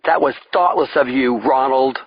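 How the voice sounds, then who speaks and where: A man's voice: medium pitch, moderate pace, slightly rough, muffled recording, lightly acted. Man doing a screeching, clingy madman. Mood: shrill, clingy. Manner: screeching, needy, then mocking whisper. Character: unhinged male kidnapper, clingy then menacing.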